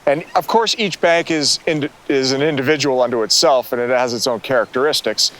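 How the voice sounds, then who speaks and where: Excited man hosting a fishing show. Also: medium pitch, brisk. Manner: enthusiastic, exclamatory. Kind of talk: excited on-the-water fishing instruction. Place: outdoors on a river, in a boat.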